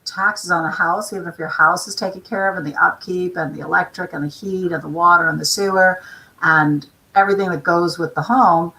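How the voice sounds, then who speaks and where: A woman's voice: on the low side, steady tone, brisk, pushed and bright, poor audio. A woman hosting a talk show about senior care, speaking in a chatty, casual way with long run-on explanations. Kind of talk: casual interview chat.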